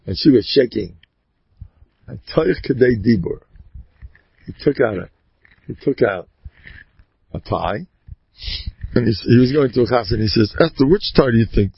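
Gravelly man telling a lively story. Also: unhurried, long pauses, dry recording, muffled recording. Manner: animated, acts out voices with big pitch jumps; mixes in Yiddish and Hebrew words. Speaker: storyteller giving a religious talk. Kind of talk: folksy storytelling talk.

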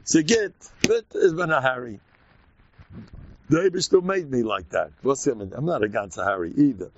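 A man with an American accent, a rabbi giving an informal, animated Purim talk full of stories and sudden shouts. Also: mid-range voice, moderate pace, muffled recording.

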